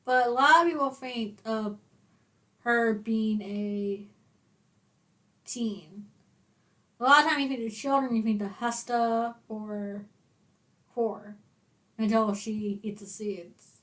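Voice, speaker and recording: A woman's voice: fairly high pitch, slow pace, long pauses, fairly bright tone. A woman co-hosting a podcast in casual chat, explaining matter-of-factly and laughing often. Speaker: podcast co-host.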